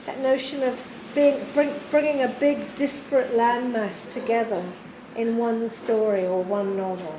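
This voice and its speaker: A woman's voice: fairly high pitch, steady tone, a little slow, few pauses. A woman interviewing a writer at a university event, asking thoughtful, searching questions. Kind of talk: literary conversation at a public event. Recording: echoey room with background noise.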